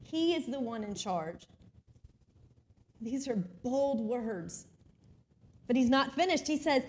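High-voiced woman preaching a sermon. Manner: expressive preaching, slows down for emphasis, reads scripture aloud.

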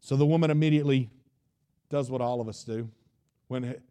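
Male preacher, casual storytelling sermon, warm dark tone. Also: mid-range voice, brisk, smooth. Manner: retells the story in a folksy, conversational way and acts out its dialogue.

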